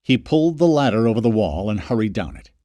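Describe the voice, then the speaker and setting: A man's voice: fairly low pitch, lively intonation, fast talker, mellow, no echo. Guy reading an audiobook, voice moves around a lot, dead dry sound. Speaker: audiobook narrator. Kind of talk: scripted narration.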